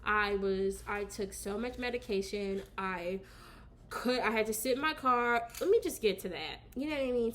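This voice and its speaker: Woman vlogging story time, slangy and animated, fairly high voice, faint room hum behind. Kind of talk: casual story time chat.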